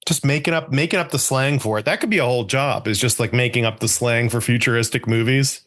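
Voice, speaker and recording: A young man co-hosting a podcast in casual chat, joking and laughing often and acting out quoted lines in a higher voice. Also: fast, fairly bright tone. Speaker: podcast co-host.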